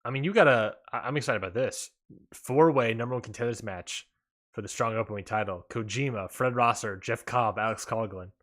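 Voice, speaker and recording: Male co-host, middle pitch, bright forward tone, relaxed delivery of match cards. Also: fairly quick. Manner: laid-back, reads out match cards in a list. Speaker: podcast co-host. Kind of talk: casual wrestling podcast chat.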